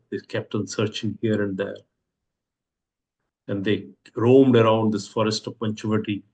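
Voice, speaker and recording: An Indian-accented man teaching a scripture class, retelling the story and asking "what happens" again and again with frequent hesitant fillers. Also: on the low side. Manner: repeats rhetorical questions, hesitant fillers.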